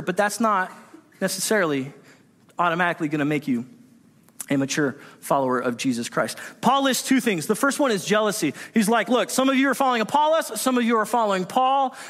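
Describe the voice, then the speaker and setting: High-voiced man preaching in an echoey hall. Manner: animated storytelling, acts out voices in his anecdotes. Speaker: pastor. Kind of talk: sermon.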